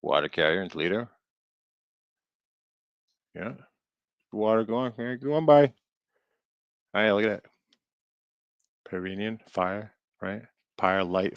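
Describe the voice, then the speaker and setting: A man's voice: on the low side, expressive, dry recording, highs cut off. A man streaming live, reading aloud from an old book, stumbling over words and breaking off into jokey asides. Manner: reads aloud haltingly, stumbling over words and riffing jokingly.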